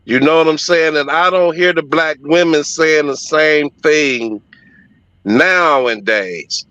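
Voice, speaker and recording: Middle-aged man, forceful bright tone, emphatic and heartfelt storyteller, dry dull lo-fi recording. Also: fairly high pitch, slow pace, no room sound. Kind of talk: personal storytelling.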